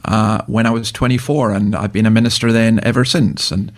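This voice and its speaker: A man's voice: fairly low pitch, fairly even intonation, a little fast. An older man with a Scottish accent, a minister telling stories in a casual interview, chuckling and often restarting his sentences. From Scotland. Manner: chatty storyteller, chuckling, frequent restarts. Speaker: guest minister.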